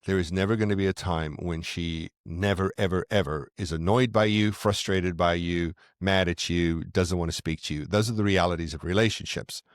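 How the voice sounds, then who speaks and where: Podcast guest: middle-aged man, very low voice, earnest and reflective, dry close sound. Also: fairly even intonation, normal speed, few pauses, clean tone, dry recording. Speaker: podcast guest, parenting author. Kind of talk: conversational interview, explaining.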